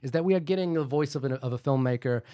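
A man's voice: mid-range voice, quick pace, mellow, no echo, studio quality. A man co-hosting a film podcast, talking casually and thinking aloud in a rambling, jokey way. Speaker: podcast co-host.

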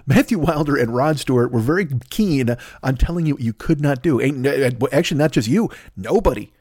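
Male podcast host, mid-pitched, loose rambling profane comic riffing, dry close-mic sound. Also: lively intonation, fairly quick, a little mellow, no echo. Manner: rambling, profane, laughing at his own jokes. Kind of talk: late-night solo comedy rant.

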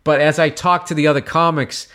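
A man's voice: on the high side, a little fast. Profane, rambling male comedian telling stories. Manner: profane, animated, rambling with restarts. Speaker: stand-up comedian guest. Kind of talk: casual storytelling chat.

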